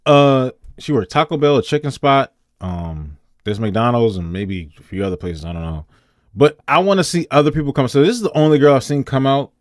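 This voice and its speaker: A man's voice: mid-range voice, expressive, a little fast, no echo, studio quality. A man hosting a reaction video, chatting casually and animatedly, sometimes acting out voices to explain.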